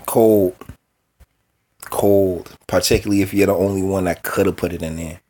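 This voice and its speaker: Racing through his words, a commentary host with a low, darkish voice keeps a level tone as he reacts to news clips and reads an article. His manner is blunt, emotional and exasperated.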